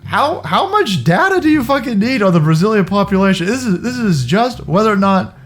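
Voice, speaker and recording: A man's voice: high voice, very animated, brisk, a bit bright, soft background music. A man hosting ranting, sarcastic commentary, mocking and swearing freely. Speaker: commentary host.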